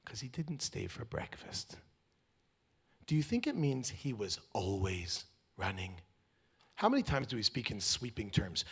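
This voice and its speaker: A man's voice: mid-range voice, wildly swooping pitch, normal speed, breathy edge. A man from New York giving a comedic motivational talk, telling stories with jokes and acted-out quotes. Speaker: speaker.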